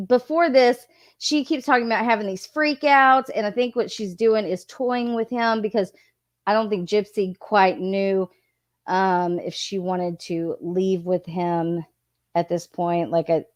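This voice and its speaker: Slow-talking woman hosting a live stream. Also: medium pitch, a little mellow, dry recording. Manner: chatty, breaks off to scold chatters. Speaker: host reading messages aloud to a live chat. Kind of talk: casual live-stream commentary.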